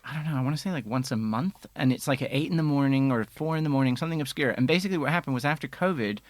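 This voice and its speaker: A man's voice: mid-range voice, racing, dry recording. Guy chatting on a podcast, easygoing, mid voice, dry close mic. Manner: relaxed storyteller, mimics others in quoted voices. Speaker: guest, film and TV editor. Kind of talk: casual podcast chat. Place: studio.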